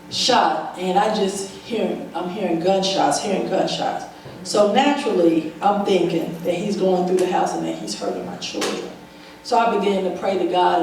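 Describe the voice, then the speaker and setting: A woman's voice: lowish voice, darkish tone. A woman giving a personal testimony at a church service, telling her story vividly and acting out the dialogue. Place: church sanctuary. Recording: very echoey hall, voice from far off, faint noise.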